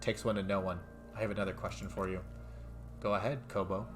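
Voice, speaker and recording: A man streaming a game, reading its dialogue and text aloud and commenting between lines, jumping up in pitch when something excites him. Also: fast, background noise. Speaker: let's play streamer. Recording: faint game music behind.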